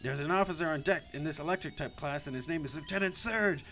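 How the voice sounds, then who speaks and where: A man's voice: a little high, quick pace, fairly bright tone, soft background music. A man voicing a foul-mouthed adult male drill-sergeant teacher who barks insults and orders in a visual novel. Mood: barking. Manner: barking orders, insulting, commanding.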